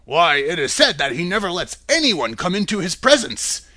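A man's voice: sits high, big pitch swings, moderate pace, sharp tone, no echo, full character voice. A man voicing a grown farmer who explains things confidently and matter-of-factly. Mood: explaining.

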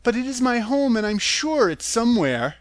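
A man's voice: extremely high pitch, sing-song, normal speed, dry recording, pitched above the performer's own voice. Man doing a polite, earnest little girl. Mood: wistful.

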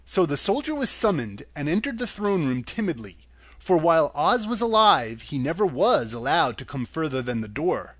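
A man reading a children's classic aloud as an expressive audiobook narrator. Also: on the high side, moderate pace, dry recording. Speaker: audiobook reader.

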